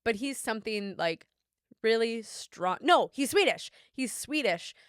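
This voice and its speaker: A young woman co-hosting a casual podcast, telling stories in an animated, laughing way with plenty of swearing. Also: fairly high pitch, unhurried, no room sound, clean studio sound. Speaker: podcast co-host. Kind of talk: casual chat.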